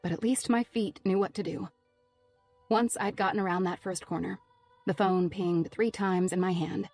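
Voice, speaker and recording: A woman's voice: fairly low pitch, fairly even intonation, normal speed, darkish tone, soft background music. A woman narrating a thriller audiobook in the first person, tense and driven.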